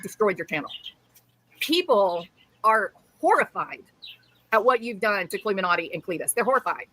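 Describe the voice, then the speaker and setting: A woman's voice: mid-range voice, animated, moderate pace, fairly bright tone, poor audio. A woman live streaming, ranting angrily and sarcastically at someone she criticizes. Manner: scolding, sarcastic. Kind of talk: angry ranting commentary.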